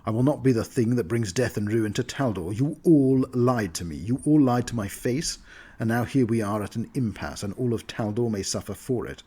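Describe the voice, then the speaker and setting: A man voicing a forceful, indignant Grand Duke. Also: mid-range voice, normal speed, slightly rough, lightly acted. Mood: angry. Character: proud angry older male Grand Duke.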